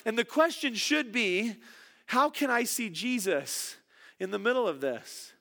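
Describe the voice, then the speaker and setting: A man's voice: high-pitched, expressive, unhurried, creaky, pushed and bright. A middle-aged man preaching a sermon, earnest and repeating words for emphasis. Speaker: pastor.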